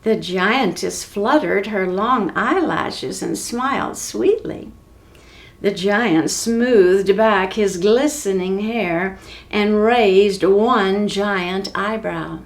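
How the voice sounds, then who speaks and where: A woman telling a children's story for a library reading program, slow and expressive. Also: medium pitch. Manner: slow, expressive, clearly paced.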